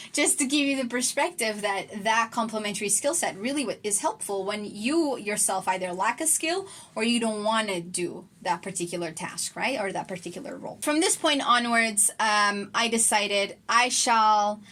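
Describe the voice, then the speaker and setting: A woman's voice: on the high side, fairly bright tone. A woman in her twenties talking casually to camera in a vlog, chatty and enthusiastic. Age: 20s. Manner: chatty and enthusiastic, many fillers. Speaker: entrepreneur vlogger.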